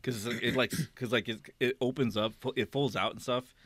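Male podcast host, casual storyteller, rambling and animated, mid-range voice, dry sound. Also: mid-range voice, normal speed, no echo. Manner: rambling, animated, acts out quotes, laughs often.

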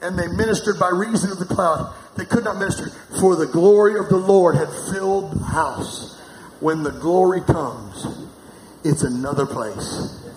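In a large church hall, a middle-aged pastor preaches a sermon, calling on the congregation to answer back in call-and-response. His voice sits high at a normal speed, and the recording is echoey with noise.

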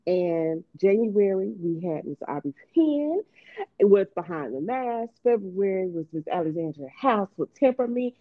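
A woman hosting a book podcast in casual chat, bubbly and quick to laugh. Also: mid-range voice, dry recording, phone-quality sound. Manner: bubbly, laughs often, talks fast when excited. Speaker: podcast host.

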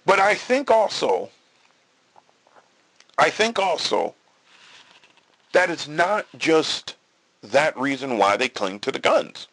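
Gravelly, lively-voiced man hosting a podcast. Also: fairly high pitch, takes it slowly, long pauses. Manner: storytelling with quoted dialogue, repeats and restarts. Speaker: podcast host. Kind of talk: casual political monologue.

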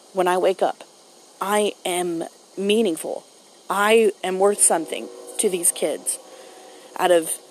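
A woman's voice: mid-range voice, a little mellow, a little hiss or hum, low-quality recording. A young mother telling a story in a blunt, profane, casual way. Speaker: mom vlogger. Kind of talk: casual monologue to camera.

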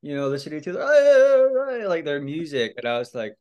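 A man's voice: fairly high pitch, moderate pace, smooth. A young man from Hawaii, a podcast guest telling stories casually, laughing often, swearing and acting out the lines of others. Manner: animated, laughing, swears often, acts out quotes. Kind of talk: casual storytelling.

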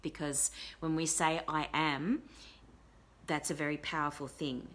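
A woman with a low, grounded voice talks to viewers in a casual live session. She is gentle and encouraging and rambles with plenty of fillers. She picks up their comments as she goes. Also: level tone, unhurried. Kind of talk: casual live-stream talk.

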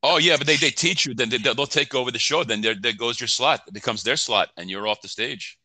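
A man's voice: mid-range voice, fairly quick, pushed and bright, no echo. A man hosting an interview over an online call, friendly and repeating words as he stumbles into sentences. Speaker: interviewer, host. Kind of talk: casual interview chat. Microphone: online call app.

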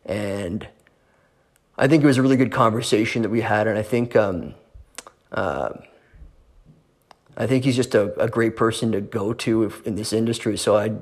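A man's voice: lowish voice, steady tone, normal speed, long pauses. A man giving casual closing remarks on a podcast, rambling and hesitant with many fillers.

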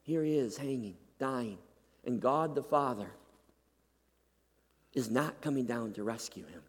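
A man preaching a sermon, swinging from loud, pleading peaks to hushed, near-whispered drops, often checking in with "right?". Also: mid-range voice, expressive, measured pace, slightly rough. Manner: emphatic, dramatic rises and hushed drops, repeats "right?". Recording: long hall reverb.

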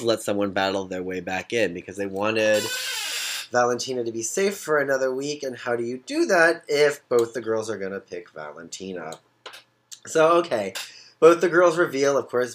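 A man's voice: mid-range voice, a bit bright. A man giving a casual, gossipy recap of a reality competition, with sassy asides.

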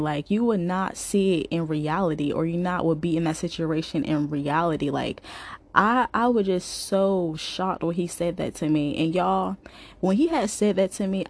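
A woman's voice: fairly low pitch, a little slow, gravelly. A young adult woman vlogger, telling a story to her viewers in a casual, emphatic way that repeats itself for effect. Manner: animated, repetitive, emphatic.

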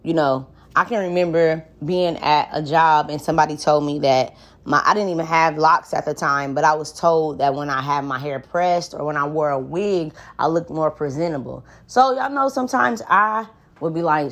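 A woman's voice: deep voice, normal speed, a bit bright. A woman hosting a solo podcast, talking casually in a frank, joking and profane way. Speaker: podcast host.

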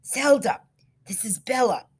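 A woman's voice: very animated, measured pace, slightly rough, full character voice. A woman voicing a frantic middle-aged woman. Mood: urgent. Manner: breathless, urgent, rising pitch. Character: startled 55-year-old woman hearing ghosts.

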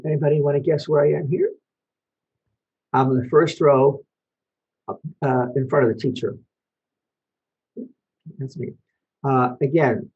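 Older man, from Belgium, very husky voice, storytelling talk, lo-fi sound. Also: mid-range voice, dark tone. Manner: storytelling, asks the audience questions, short pauses. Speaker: Holocaust survivor speaker. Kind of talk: personal testimony talk to an audience, showing photos.

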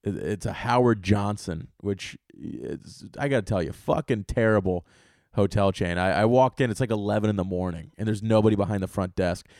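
A young man hosting a solo podcast, telling rambling, profane comic stories with bursts of loud excitement. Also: lowish voice, moderate pace, no echo, studio quality. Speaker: podcast host and stand-up comedian.

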